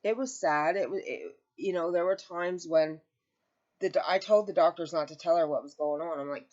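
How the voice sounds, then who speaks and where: A woman's voice: fairly low pitch, normal speed, darkish tone. A woman talking casually to her viewers from home, rambling and tearful as she shares personal news. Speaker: crochet vlogger. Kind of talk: casual chat to camera. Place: home, with pets nearby. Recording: dull lo-fi home video audio.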